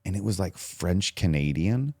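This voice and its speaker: Lively low-voiced man, chatty storyteller. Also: normal speed, husky, dry recording, clean studio sound. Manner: animated storytelling, full of "like" fillers. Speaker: acting teacher and actor, podcast guest. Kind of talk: casual podcast chat.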